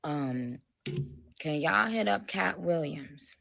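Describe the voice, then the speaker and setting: Slow, gravelly woman in a dry clip. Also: mid-range voice, bright, forceful tone, dry recording.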